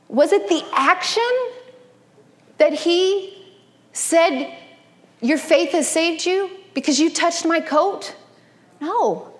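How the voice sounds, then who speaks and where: Female speaker, 30s, high voice, animated personal preaching, long hall reverb. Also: slow pace, long pauses. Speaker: speaker at a church gathering. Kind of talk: sermon-style talk.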